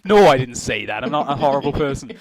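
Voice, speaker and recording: A man's voice: medium pitch, fast talker, low-quality recording. A young man in casual chat who tells a story with swearing and laughter. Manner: animated, swearing, laughing while telling a story. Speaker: co-host.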